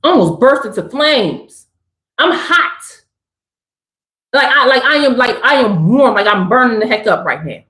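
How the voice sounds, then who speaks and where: A woman giving a spiritual message on a live stream, talking in an animated, emphatic, slangy and preachy way. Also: high voice. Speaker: spiritual reader. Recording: roomy echo.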